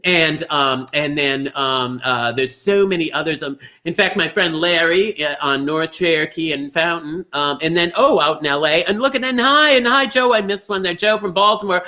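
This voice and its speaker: A man's voice: a little high, normal speed, few pauses, pushed and bright. A man from Minnesota hosting a livestream bingo show, chatty and gushing as he greets viewers by name.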